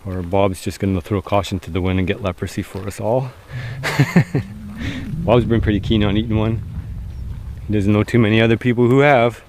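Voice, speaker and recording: A man's voice: lowish voice, steady tone, moderate pace, a little mellow, slight background noise. Chatty man vlogging outdoors. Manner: chatty, addresses viewers as guys. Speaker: survival challenge vlogger. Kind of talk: outdoor vlog narration. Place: outdoors in rural fields at dusk.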